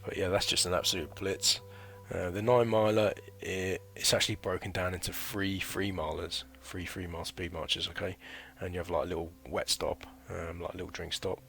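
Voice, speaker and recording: A man's voice: low voice, flat delivery, moderate pace, creaky, few pauses, a bit bright. A man in his thirties telling a chatty, rambling story about his military training in a casual vlog. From United Kingdom. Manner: rambling and chatty, full of fillers and slang. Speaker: former recruit recounting training.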